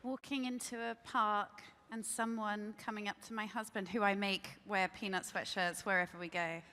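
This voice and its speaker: A woman app founder on a conference panel, telling a story in a lively way. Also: medium pitch, moderate pace, long reverb tail. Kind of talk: conversational panel anecdote.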